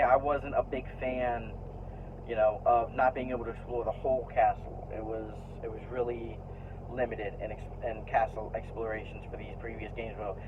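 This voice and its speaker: A man vlogging in a casual, rambling way, full of fillers and restarts, and frank enough to swear when annoyed. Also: medium pitch. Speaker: vlogger sharing opinions. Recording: tinny phone-like sound with faint noise.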